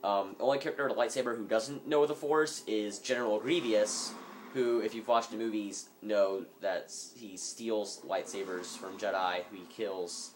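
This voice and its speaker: A man's voice: on the low side, steady tone, normal speed, a little hiss or hum. A man giving rambling, jokey commentary over a video game, sometimes in a mock-businesslike tone, recorded on a phone microphone. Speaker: let's play gamer. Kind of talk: casual gameplay commentary.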